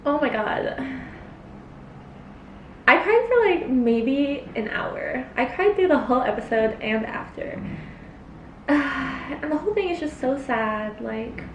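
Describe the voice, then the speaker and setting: A young woman with a high, unhurried voice rambles through a casual eating chat, full of filler words. She sounds set back from the mic in a roomy space. A faint hiss sits under her voice. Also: lively intonation, distant mic. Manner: rambling, filler-heavy, chatty, talks between bites. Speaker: cosplay vlogger.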